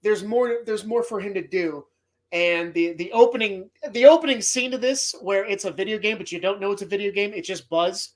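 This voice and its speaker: A man's voice: high voice, normal speed. A man hosting a movie podcast, talking casually in a rambling, heartfelt way and swearing often. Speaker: podcast host.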